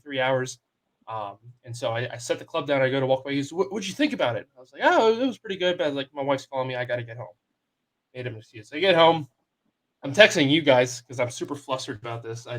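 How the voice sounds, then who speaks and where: A young man co-hosting a sports podcast, telling a long story in a loose, casual way and quoting the people in it. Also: mid-range voice. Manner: animated storyteller, quotes people in his story. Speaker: podcast co-host.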